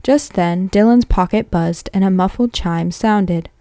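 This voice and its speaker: A woman's voice: medium pitch, a little slow, dark tone, no echo, clean studio sound. A woman reading a novel aloud in a plain manner, with occasional slips that she corrects. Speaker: reader.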